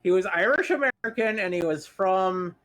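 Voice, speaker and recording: A man chatting as a player in a tabletop game, pausing often to search for words. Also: high voice, lively intonation, fairly bright tone.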